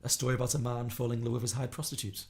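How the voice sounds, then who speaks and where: Chatty podcast host guy, talks fast, reads out listener ideas and riffs. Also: medium pitch, flat delivery. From Liverpool area of England. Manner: quick, chatty, reads listener suggestions aloud with laughs. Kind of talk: casual podcast chat, reading listener ideas.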